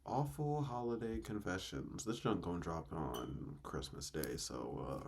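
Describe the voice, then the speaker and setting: A man hosting a reaction video, talking in loose slangy banter with loud outbursts. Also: low-pitched, measured pace, creaky, slightly rough. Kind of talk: casual reaction commentary.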